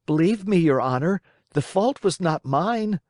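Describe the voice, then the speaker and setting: A man's voice: sits high, animated, unhurried, darkish tone, no echo, voice pushed up. A man voicing a mischievous young wooden puppet boy, eager and pleading.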